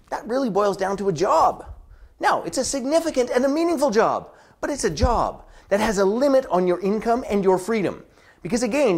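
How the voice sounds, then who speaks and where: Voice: medium pitch, sing-song, brisk. A business strategist giving a scripted promotional address, with dramatic delivery that drops into whispers for emphasis. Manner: acts out contrasting inner and outer voices.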